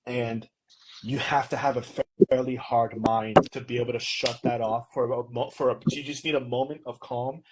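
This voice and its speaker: A man's voice: medium pitch, little pitch movement, moderate pace, background noise. A young man hosting a podcast, chatting casually and telling stories in a rambling way, often breaking into laughter. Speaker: podcast host. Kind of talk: casual chat.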